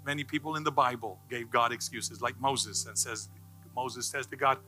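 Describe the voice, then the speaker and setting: A male pastor preaching a sermon, joking with the congregation and building to loud, passionate calls. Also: medium pitch, fairly even intonation, normal speed, soft background music, low-quality recording.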